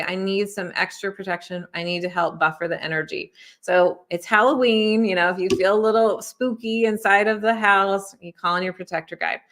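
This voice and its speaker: A woman's voice: medium pitch, a bit bright. Woman, spiritual card reader, casual reading to viewers; friendly, reassuring, chatty delivery. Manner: friendly, reassuring, conversational with many fillers. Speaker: intuitive oracle card reader and spiritual teacher.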